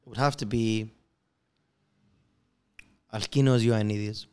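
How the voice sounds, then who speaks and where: A man co-hosting a casual podcast chat, earnest and quick to laugh as he gives life advice. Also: on the low side, fairly even intonation, warm tone, clean tone. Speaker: podcast co-host.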